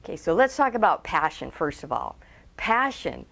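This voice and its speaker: A woman trainer giving a webcast talk on public speaking. She is lively, asks her audience direct questions and acts out quotes in changed voices. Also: on the low side, normal speed, gravelly. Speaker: communication trainer.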